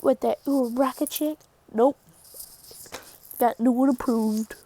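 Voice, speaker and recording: A woman's voice: on the high side, steady tone, measured pace, dark tone. A woman voicing a bold, cocky teenage boy hero who trash-talks casually. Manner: cheeky trash-talking.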